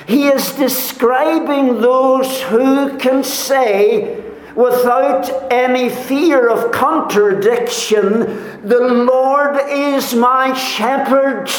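High-voiced man preaching slowly. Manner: deliberate, repeats rhetorical questions to the congregation. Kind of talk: sermon. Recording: echoey room.

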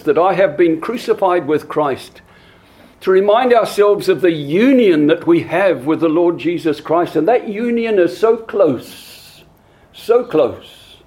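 A man preaching a sermon, slow and deliberate, often repeating words as he searches for the next one. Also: on the high side, darkish tone.

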